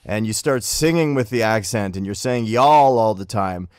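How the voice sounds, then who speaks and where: A man's voice: fairly low pitch, expressive, normal speed, smooth, no echo, studio quality. A man and musician delivering a comedic rant, sounding exasperated and breaking into chuckles between complaints. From Canada. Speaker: musician and regular ranter.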